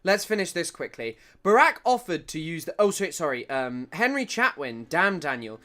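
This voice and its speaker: Lively bright-voiced man streaming. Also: on the high side, normal speed. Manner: rambling and jokey, laughing often; reads chat comments aloud. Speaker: livestream news commentator. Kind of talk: casual streaming commentary.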